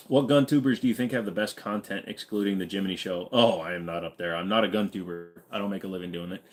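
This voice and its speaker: A man's voice: low voice, fast talker, hardly any pauses. A man hosting a casual livestream, reading chat and rambling with jokes and fillers. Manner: rambling and joking, many fillers. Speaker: livestream host.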